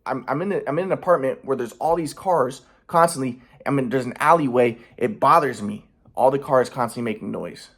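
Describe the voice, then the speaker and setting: A man's voice: medium pitch, a little fast, hardly any pauses, breathy edge. A man in his thirties, talking in his apartment in an aggrieved, rambling, repetitive monologue. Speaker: vlogger. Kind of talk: monologue to camera. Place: apartment by an alleyway.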